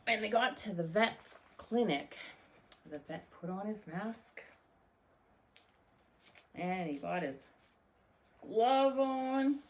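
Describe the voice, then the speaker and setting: A woman reading a storybook to young children, addressing them directly. She speaks slowly and with animated, widely ranging pitch.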